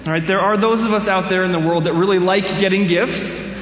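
A man with a high, light voice delivers a sermon in a relaxed, conversational way, teasing himself with dry humor. His words ring out through a large church with a long, roomy reverb trailing behind every phrase. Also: fairly quick, slight background noise. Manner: conversational, self-deprecating humor. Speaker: pastor. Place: church sanctuary. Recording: echoey hall with long reverb.

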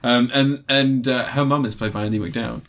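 A man's voice: medium pitch, a little fast, fairly bright tone. A man reviewing a film in casual, crude podcast chat, rambling and laughing at his own jokes.

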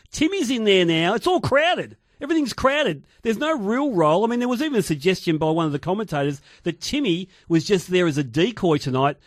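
High-voiced radio pundit, dry sound. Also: male voice, animated, brisk, hardly any pauses, no room sound. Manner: opinionated, repeats his point over others. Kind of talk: sports radio talk.

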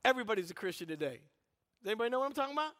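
A man preaching a lively sermon, telling stories and asking the congregation questions. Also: sits high, racing. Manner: animated, storytelling, asks the crowd questions.

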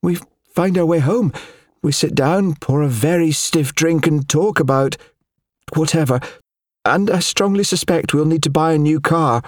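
A man voicing a tense, shrill wife. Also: very animated, takes it slowly, pauses often, husky, no room sound, studio quality, heavily acted. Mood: forced calm. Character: tense wife, shrill then forcing calm.

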